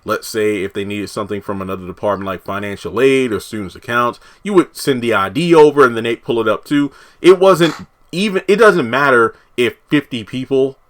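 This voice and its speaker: A man's voice: medium pitch, a little fast. A man, a TV reviewer, casually recapping an episode, rambling and correcting himself as he quotes the characters.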